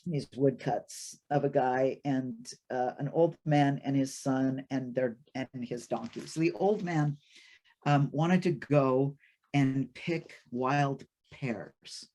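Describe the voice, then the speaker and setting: A man telling a folk fable in an informal lecture, chatty and halting, with many fillers and restarts. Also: medium pitch, dark tone. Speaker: storyteller and lecturer.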